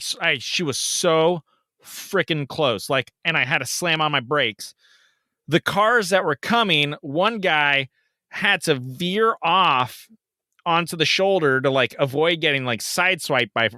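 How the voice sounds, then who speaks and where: A man in his thirties tells a story on a casual podcast, cursing freely and throwing himself into loud, high-pitched impressions of the people in it. His voice is bright and sits a little high, with very wide swings in pitch. The sound is close and dry, with no room echo. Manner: animated, swears a lot, jumps into loud high voices for quotes. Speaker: podcast co-host.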